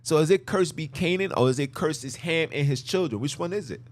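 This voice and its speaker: Man, podcast host, emphatic, repetitive, casual slang, slightly high pitch. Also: fairly quick. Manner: casual slang, addresses listeners directly. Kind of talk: religious commentary over slides.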